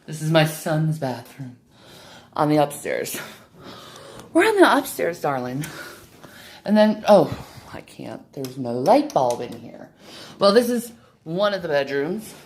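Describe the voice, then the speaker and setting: A woman's voice: low voice, very animated, measured pace, pauses often, a little mellow, slight background noise. A woman filming a walking tour of her home on a handheld phone. She is out of breath and talks in a showy, defiant way, calling her viewers "darling.". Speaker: vlogger giving a home tour. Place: indoor apartment, moving between rooms.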